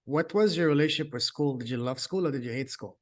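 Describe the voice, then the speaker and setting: A man's voice: on the high side, fast. A man from France with a French accent who hosts a podcast interview and asks curious, upbeat questions. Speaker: podcast host. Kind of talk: casual interview chat.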